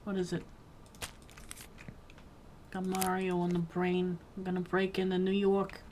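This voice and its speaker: A woman's voice: on the low side, completely flat delivery, unhurried, a little mellow, a little hiss or hum. Rambling woman narrating her gameplay. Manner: rambling and playful, talks to herself and to game characters; jokey mock-bossy outbursts. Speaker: gaming video creator. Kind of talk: casual gameplay commentary.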